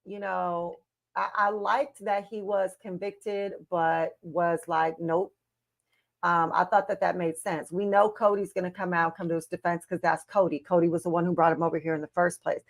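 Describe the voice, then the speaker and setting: A woman's voice: fairly low pitch, level tone, normal speed, creaky. A woman co-hosting a casual live-stream watch-along, talking to the viewers and arguing her point of view. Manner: chatty, talks straight to the viewers and argues her take.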